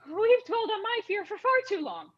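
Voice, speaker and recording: A woman's voice: extremely high pitch, sing-song, brisk, dull audio, a little hiss or hum. A young actress playing an earnest young woman terrified of chimpanzees, speaking in an overly formal, dramatic manner. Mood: chiding. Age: young adult. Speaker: actor in a student comedy sketch. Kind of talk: stage comedy dialogue.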